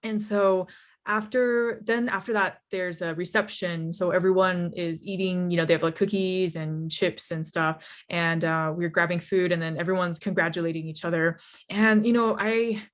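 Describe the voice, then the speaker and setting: A young woman telling her founder story in a lively, casual talk, full of fillers and laughs. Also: lowish voice, moderate pace. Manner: animated, laughs often, many fillers like "you know" and "like". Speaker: startup founder speaker.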